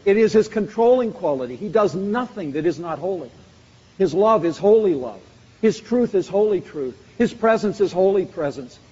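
Preaching a sermon, a man with a fairly high, mellow, husky voice builds emphasis through repeated phrases in an emphatic, repetitive cadence. The audio is dull and muffled, with a large hall's long reverb lingering behind him.

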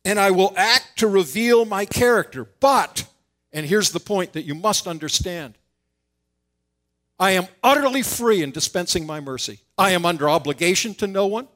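A man with a high, light voice delivers an earnest expository sermon. He walks through scripture and lifts his voice when he acts out quoted pleas. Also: expressive, normal speed, a bit bright. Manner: earnest expository preaching, acting out quoted lines with rising voice. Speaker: preacher.

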